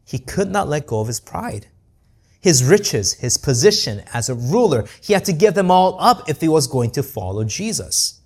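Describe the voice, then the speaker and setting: A man's voice: on the high side, very animated, moderate pace, a little mellow. A man preaching a sermon, earnest and conversational, often asking rhetorical questions and adding "right?". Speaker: pastor.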